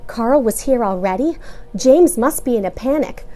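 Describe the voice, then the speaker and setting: A woman's voice: on the high side, animated, moderate pace, dark tone, lightly acted. A woman voicing a young boy beetle who pleads earnestly with his parents in a storybook reading. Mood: upset.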